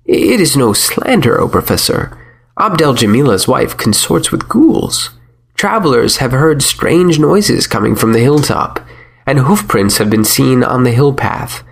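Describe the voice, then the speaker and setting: Man doing stern village sheikh, pious, scowling, insistent, raised pitch, storybook reading. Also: sing-song, a little slow, gravelly, husky, full character voice. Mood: grim. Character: stern old village sheikh, superstitious and grim. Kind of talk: audiobook character voice.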